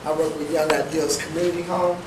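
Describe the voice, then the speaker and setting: A man's voice: on the high side, level tone, fairly quick. A man who mentors youth introducing himself at a community meeting, casual and hesitant. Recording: echoey room from far off, loud noise.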